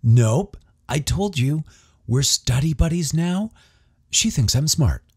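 A man's voice: fairly high pitch, lively intonation, slow, darkish tone, husky, voice pushed up, full character voice. A man voicing a cocky, crude teenage boy who teases his friends, in an audiobook. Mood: smug. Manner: smug, teasing.

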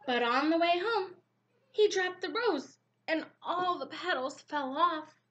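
Animated high-voiced woman reading to children. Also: takes it slowly, lo-fi sound. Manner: animated, exclamatory storytelling with gasps. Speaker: preschool teacher. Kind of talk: children's story time reading.

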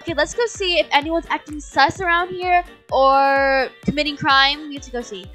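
Very high bright excitable female gamer. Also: moderate pace, soft background music. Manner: excitable, gasps and playful mock outrage. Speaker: gaming channel host. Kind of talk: excited Let's Play commentary.

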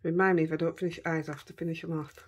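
A woman with a broad Yorkshire accent and a fairly low, breathy, husky tone. She chats in a relaxed, homely way while she works on a craft project, muttering asides to herself and her dogs. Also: racing, muffled recording. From Yorkshire, England. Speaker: craft vlogger. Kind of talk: casual crafting chat.

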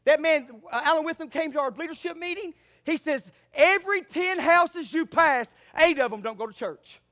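Pastor guy preaching hard, real high pitched, swings loud then low. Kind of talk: sermon. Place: church sanctuary.

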